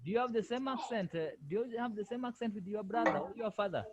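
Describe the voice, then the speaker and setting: A man's voice: sits high, quick pace, dull audio, over a noisy crowd. A male French language lecturer giving an online lesson over a video call, repeating himself and firmly correcting students. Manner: repetitive, firm corrections.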